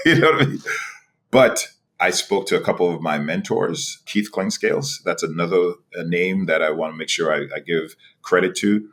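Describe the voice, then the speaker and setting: A man in his forties from New York, a podcast guest telling his career story in an animated way, with many restarts and a repeated "right?". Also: low voice, a little fast. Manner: animated, frequent laughs and restarts, rhetorical "right?". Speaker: podcast guest, executive director. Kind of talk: storytelling interview.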